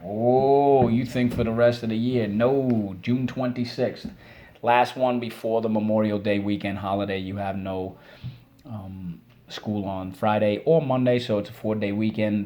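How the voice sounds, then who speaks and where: A man's voice: fairly low pitch, a little mellow. A man teaching children their spelling words in a video lesson. He goes through each word syllable by syllable and stops to praise pupils he can't see. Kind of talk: online spelling lesson for kids.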